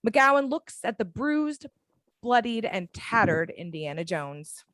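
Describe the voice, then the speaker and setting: A woman's voice: mid-range voice, big pitch swings, slow, a bit bright, no echo. Woman narrating screenplay action, dry sound. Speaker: narrator reading action descriptions. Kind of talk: script narration for an audio drama.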